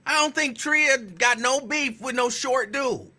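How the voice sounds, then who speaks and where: A man hosting a casual live talk show, greeting listeners by name and teasing them playfully with loud, emphatic bursts. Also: very high voice, a little slow. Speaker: radio host. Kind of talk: casual live-show chat reading listener shout-outs.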